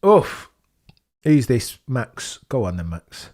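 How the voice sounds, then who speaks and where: A man's voice: medium pitch, very animated, slow pace, darkish tone. Chatty man with a mild Brummie accent. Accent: Birmingham (Brummie), mild. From England, Birmingham area. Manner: chatty, reads chat aloud, wry asides to viewers. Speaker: livestream host. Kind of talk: casual live watchalong commentary.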